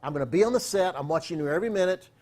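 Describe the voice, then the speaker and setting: A man acting out a foul-mouthed, domineering male music video producer who shouts at everyone. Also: a little high, expressive, rapid-fire. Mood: hostile.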